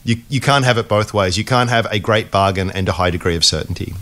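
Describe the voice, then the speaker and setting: A man's voice: lowish voice, fast, fairly bright tone. A man, co-hosting an investing podcast, restarting his sentences often and poking fun at himself. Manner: hesitant, many restarts, self-deprecating. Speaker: podcast co-host. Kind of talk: casual investing podcast chat.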